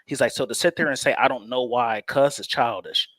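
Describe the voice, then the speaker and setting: A man's voice: medium pitch, fairly quick, a bit bright, dry recording. A man co-hosting a casual sports chat, telling a personal story at an easy pace and laughing often. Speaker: co-host.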